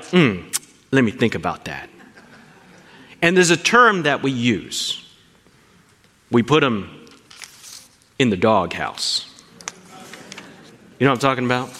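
A man preaching a sermon, animated and asking his listeners questions as he teaches. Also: mid-range voice, big-room sound. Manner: animated, asks the congregation questions. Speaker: pastor.

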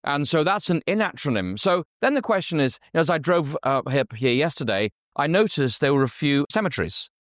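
Pastor type from Yorkshire, relaxed sermon delivery, poses questions to the audience, dry recording. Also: male voice, on the high side, a little fast, few pauses, no room sound. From Yorkshire, England. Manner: conversational, asks the audience questions.

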